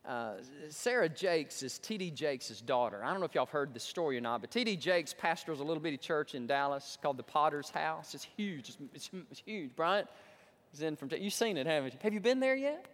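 Preacher in a reverberant church. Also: male voice, fairly high pitch, brisk. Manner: animated storytelling, acting out quoted voices. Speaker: pastor. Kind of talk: sermon. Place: church sanctuary. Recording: long church hall reverb.

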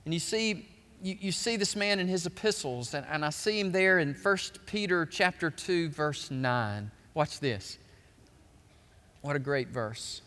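A male pastor preaching a sermon, swelling loud and then dropping quiet. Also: a little high, moderate pace. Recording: long hall reverb.

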